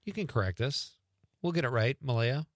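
A middle-aged man hosts a casual call-in radio show, reading listener texts fairly quickly with playful asides and chuckles. He's animated, swinging between jokes and low murmurs, recorded dry and clean on a studio radio mic.

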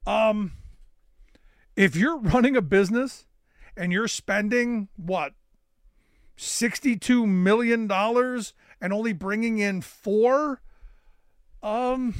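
A man hosting a political talk radio show, delivering sarcastic, animated commentary with many filler "uh"s into a studio microphone. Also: sits high, unhurried, no echo.

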